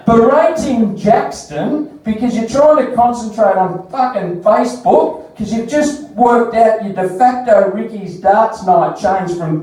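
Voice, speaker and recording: Australian male comic, high and mellow, crude animated storytelling, distant mic in a very echoey bar. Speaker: stand-up comedian. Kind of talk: stand-up comedy set. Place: comedy bar stage.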